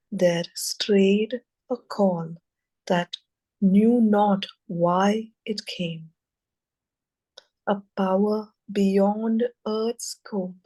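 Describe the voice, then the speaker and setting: A woman reading verse aloud in a measured way, pausing often between short phrases. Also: medium pitch, a little mellow, husky, low-quality recording. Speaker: student reader. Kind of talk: slow poetry reading.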